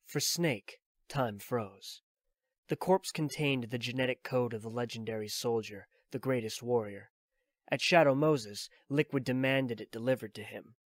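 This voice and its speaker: A man reading a novel aloud as an audiobook, in steady, plain storytelling. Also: mid-range voice, a little slow, no echo, clean studio sound. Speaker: audiobook reader.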